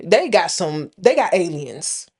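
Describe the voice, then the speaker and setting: A woman's voice: lowish voice, sing-song, slow, darkish tone, slightly rough. A woman co-hosting a podcast, telling a story in a casual, dramatic way. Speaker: podcast co-host.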